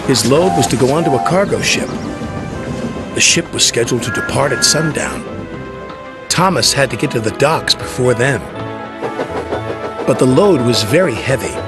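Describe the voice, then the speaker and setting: A man's voice: mid-range voice, moderate pace, pauses often. A man narrating a children's railway story. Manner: lively storytelling. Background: music.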